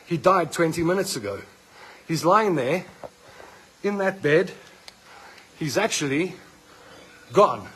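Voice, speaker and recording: A hospital patient holds up his phone and rants bluntly in an angry video, indignant and repeating himself when worked up. His slightly high, a bit bright voice moves with lively intonation at a slow pace with long pauses. The ward gives a long, hollow, lingering reverb over faint background noise.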